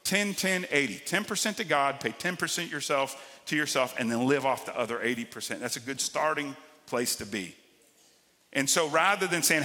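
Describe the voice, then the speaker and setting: A man preaching a sermon as pastor, swinging between loud emphatic lines and quiet drawn-out ones. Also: fairly high pitch, big-room sound.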